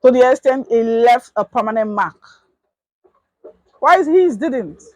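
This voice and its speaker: Young Nigerian woman vlogger, husky voice, close and dry, lively storyteller. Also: on the high side, unhurried, no echo, muffled recording. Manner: animated, acts out quotes in raised voice. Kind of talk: casual storytime.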